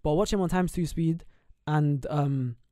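Quick-joking young man, close dry mic. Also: on the high side, warm tone, no room sound. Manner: quick, joking, rambling banter. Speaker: podcast co-host. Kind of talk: casual chat.

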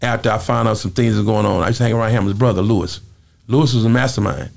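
A man with a deeply gravelly voice tells stories from his career at a quick clip. His delivery is animated and conversational. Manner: animated storyteller, acts out quoted voices. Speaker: interview guest, former singer. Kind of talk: casual storytelling interview.

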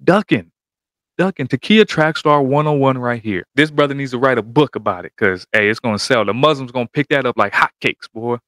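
A man talks over a debate clip in loose, slangy reaction commentary, hyping himself up and ribbing the other side. His voice sits at an ordinary pitch. The sound is dry and close, with no room around it. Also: fairly quick, dry recording. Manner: animated trash-talking slang. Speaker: reaction video host.

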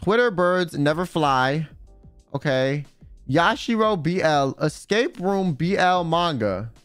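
A young man chats on a livestream in a high voice that leaps up and down with animation. He rambles through slangy, offhand stories. Faint music plays softly behind him. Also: animated, slow pace, clean tone, no room sound. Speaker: streamer. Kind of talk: casual livestream chat.

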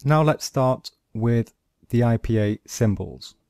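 A man teaching a pronunciation lesson over a screen recording, explaining slowly and step by step. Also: mid-range voice, a little mellow, clear, resonant tone, dry recording, clean studio sound. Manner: slow, deliberate, explaining step by step. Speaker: language teacher.

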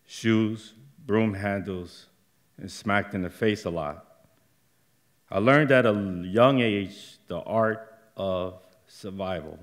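In a live theater performance, a middle-aged man relates a personal story; his delivery is slow and broken up, with occasional flare-ups, and his voice runs on the low side.

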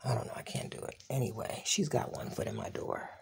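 An adult vlogger casually recounting a personal altercation while walking through a home, often dropping into a hushed whisper and acting out the quoted lines. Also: medium pitch, animated, brisk, slight background noise. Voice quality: raspy, gravelly. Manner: reenacts quoted dialogue. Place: inside a home.

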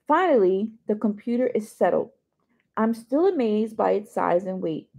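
A woman's voice: medium pitch, expressive, moderate pace, gravelly, warm tone. A woman reading a novel chapter aloud in first person, adding chatty asides to her listeners. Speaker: reader.

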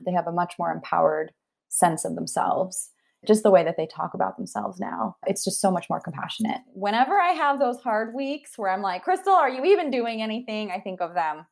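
In an interview conversation, a young therapist talks in a heartfelt, earnest and reflective manner. She has a lowish, gravelly voice with a darkish tone and a moderate pace.

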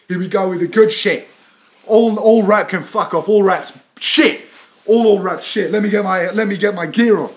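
A man's voice: fairly high pitch, lightly acted. A man doing a brash London wannabe rapper. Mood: boastful. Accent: put-on London. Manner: swaggering, crude, rambling boasts with sudden shouts. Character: brash boastful male London wannabe rapper, young adult. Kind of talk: improvised comedy character rant.

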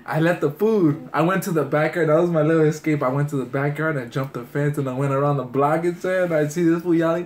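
A man's voice: fairly high pitch, fast, few pauses. A man casually telling a story while eating, full of slang and swearing, acting out the people in it. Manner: profane, slangy, animated storyteller. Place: indoors at a table, eating.

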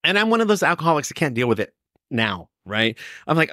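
A man from California, older, telling his recovery story in a lively, storytelling way, acting out what others said. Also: fairly high pitch, fast talker, no echo, studio quality. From Sacramento, California. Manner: storytelling, animated, quoting others. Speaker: recovery speaker.

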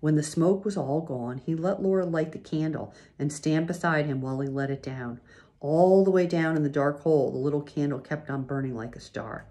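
A woman reading a children's chapter book aloud, gently pausing to show pictures. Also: low voice. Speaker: reader.

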